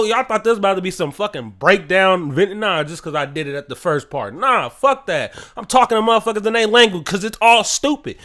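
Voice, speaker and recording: A man's voice: sits high, sharp tone. A man hosting his own podcast, ranting solo in a profane, incredulous commentary. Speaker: podcast host.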